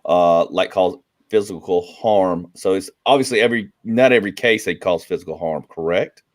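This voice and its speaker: A man hosting a casual podcast, reading out viewer questions in a relaxed way with many fillers. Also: sits low, moderate pace. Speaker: podcast host.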